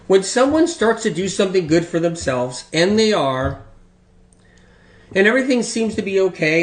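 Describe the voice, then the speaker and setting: A man's voice: high-pitched, reverberant. A man giving an informal health talk in an emphatic, repetitive and rambling way. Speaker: health speaker.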